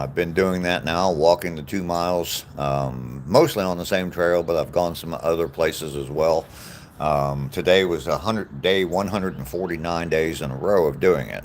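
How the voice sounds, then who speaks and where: Man, 60s, very low voice, unhurried rambling live-stream chat recorded outdoors with light background noise. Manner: rambling, frequent ums, greets viewers by name. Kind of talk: casual live-stream chat reading comments. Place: outdoors on a walking trail.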